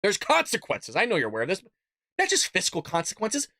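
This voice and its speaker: A man's voice: sits high, wildly swooping pitch, brisk, pushed and bright, no echo, studio quality. A man hosting a live political commentary show, ranting in a heated, exasperated way with frequent restarts.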